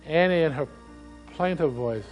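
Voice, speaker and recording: A man's voice: fairly high pitch, normal speed, lo-fi sound, faint music behind, close to an everyday voice. An actor performing a one-man stage monologue as a recovering alcoholic man, telling his story earnestly and quoting the people in it.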